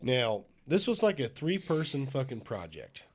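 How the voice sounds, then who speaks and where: A man's voice: medium pitch, big pitch swings, normal speed. A man in casual podcast chat, recalling memories emphatically, swearing and laughing.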